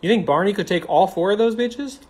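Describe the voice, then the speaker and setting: A man's voice: sits high, brisk, a little mellow. A young man casually chatting on a phone livestream, reading comments aloud in a playful, campy, slangy way. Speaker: stage actor hosting a livestream.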